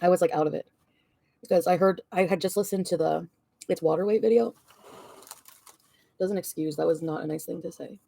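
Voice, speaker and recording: A woman's voice: on the low side, fairly even intonation, brisk, vocal fry, pauses often, mellow, breathy edge. A woman vlogger venting and ranting, swearing often and rambling. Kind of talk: ranting vlog.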